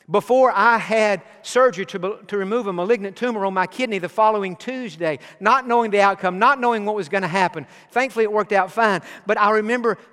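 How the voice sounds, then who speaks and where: A man's voice: high voice, fairly bright tone, in a large hall. A middle-aged man preaching a sermon as pastor, earnest and personal, telling stories from his own life. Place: church sanctuary.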